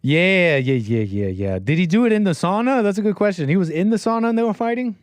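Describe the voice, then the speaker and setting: A man's voice: high-pitched, animated, quick pace, no echo. A man hosting a call-in livestream, chatting casually and riffing, laughing between his remarks. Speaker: call-in show host.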